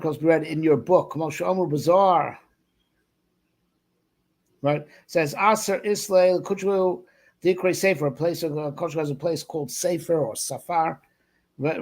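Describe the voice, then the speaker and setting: A man's voice: on the high side, a little mellow. A man, a rabbi, giving a loose, rambling Torah lesson, full of fillers and frequent "right?" check-ins. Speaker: rabbi teaching.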